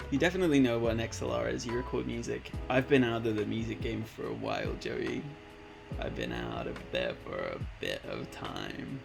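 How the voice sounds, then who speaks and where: This male Twitch streamer, in his late twenties, has a medium-pitched voice with vocal fry, animated and at a moderate pace. Over background music he rambles easily, reads viewer messages aloud, and calls folks "man" and "bud."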